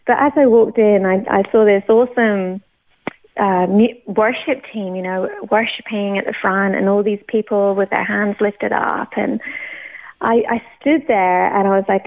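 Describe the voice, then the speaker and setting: A woman from England, telling her personal faith testimony in an animated way, laughing often and acting out her own thoughts. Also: mid-range voice, normal speed. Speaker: churchgoer sharing her testimony. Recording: tinny phone-like sound.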